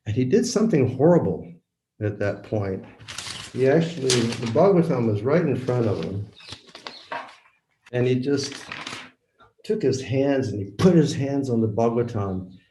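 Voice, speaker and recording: A man in his seventies giving a lecture over a video call, telling a story with lively acted-out dialogue. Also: medium pitch, moderate pace, long pauses, slight background noise. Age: 70s. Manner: animated, acts out the dialogue. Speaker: lecturing swami. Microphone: computer mic on a video call. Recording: roomy echo.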